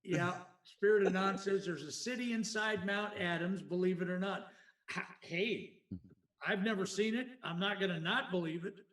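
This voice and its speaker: Male podcast co-host, high voice, rambling and stammery, echoey room, distant mic. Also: normal speed, fairly bright tone. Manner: rambling, musing, stammering repeats. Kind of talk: casual chat.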